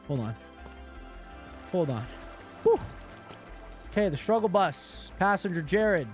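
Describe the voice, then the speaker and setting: A young man live-streaming a game, chatting excitably to his viewers and greeting them by name, with lots of "like" and "hold on". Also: fairly high pitch. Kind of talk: casual livestream chat while gaming.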